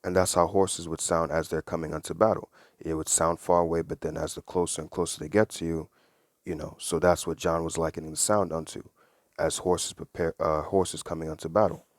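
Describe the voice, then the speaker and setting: Man, deep low voice, casual Bible study teacher, earnest conversational explaining, dry close sound. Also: no room sound. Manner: earnest, conversational, reads verses then explains them.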